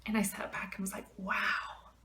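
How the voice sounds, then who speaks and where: A woman fitness vlogger telling a personal story to her viewers in a casual, animated and emphatic way. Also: mid-range voice, moderate pace, echoey room, slight background noise.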